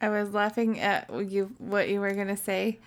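A woman co-hosting a casual chat, chiming in with quick, laughing asides. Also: medium pitch, little pitch movement, over music. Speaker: podcast co-host.

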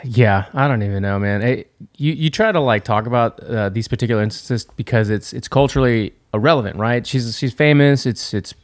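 A man co-hosts a casual podcast in a mid-range voice, talking a little fast with few pauses in a relaxed, rambling style and laughing often. The studio sound is clean with no echo.

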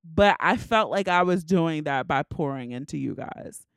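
A woman's voice: deep voice, lively intonation, moderate pace, dry recording. Tearful woman hosting a solo podcast, candid and emotional, dry close mic. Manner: emotional, candid, swears casually. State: tearful, crying. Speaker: podcast host.

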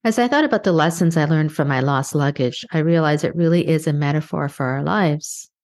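A middle-aged woman from Canada hosts a reflective motivational podcast. Her voice sits low, and she speaks earnestly and at a measured pace. She slows down to stress her key points. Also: darkish tone. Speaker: podcast host.

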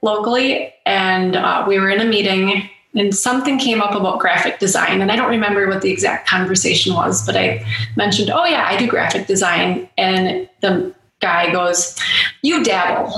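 A woman's voice: mid-range voice, fairly bright tone. A woman guest in a casual podcast chat, telling candid stories with self-deprecating humor. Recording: roomy sound with faint noise.

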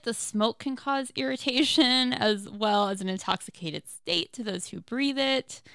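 A woman co-hosting a podcast in casual chat, reading out facts with quick, animated exclamations. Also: mid-range voice, vocal fry, smooth, dry recording. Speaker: podcast co-host.

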